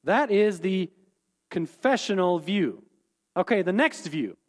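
A man's voice: high-pitched, animated, slow pace. A man teaching a Bible lesson, explaining terms and repeating key points, often checking in with "okay?".

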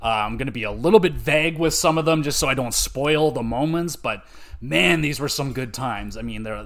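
A young man hosting a podcast, rambling excitedly and cursing freely as he reviews a game. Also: mid-range voice. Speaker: podcast host. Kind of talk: casual game review chat.

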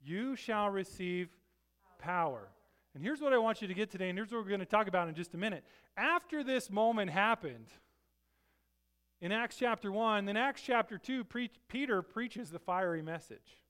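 A middle-aged man preaching as pastor, casual and conversational, tossing in "right?" asides and breaking into loud emphatic bursts. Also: high voice, lively intonation, normal speed, clear, resonant tone. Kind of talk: sermon.

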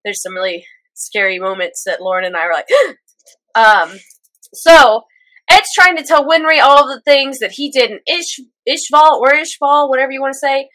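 Woman co-host with a cold, bright forceful voice, dry mic, lively fangirl recap, slightly high. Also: dry recording, low-quality recording. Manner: animated, quick recapping with quoted character lines. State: stuffy from a cold. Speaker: podcast co-host recapping an anime episode. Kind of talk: casual chat.

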